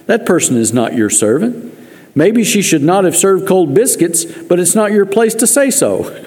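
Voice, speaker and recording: A pastor preaching a sermon in earnest, with dry joking asides. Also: male voice, high-pitched, big pitch swings, moderate pace, a little mellow. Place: church sanctuary. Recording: long reverb of a church hall.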